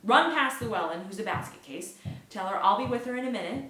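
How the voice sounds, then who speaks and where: A woman reading a novel aloud to children in lively first-person narration. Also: medium pitch, brisk. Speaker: book reader. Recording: echoey room.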